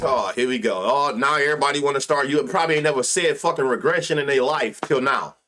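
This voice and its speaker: An American man hosts a live sports-betting stream, talking fast with hardly any pauses in a bright, forceful mid-range voice. He keeps it casual with lots of slang and profanity, laughs often, and mutters stats under his breath.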